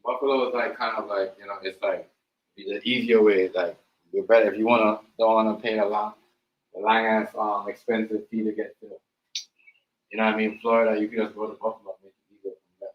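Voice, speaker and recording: A man's voice: fairly low pitch, level tone, fairly quick, roomy sound, lo-fi sound. A man hosting a casual reaction stream, rambling with many fillers and repeated words. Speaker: stream host.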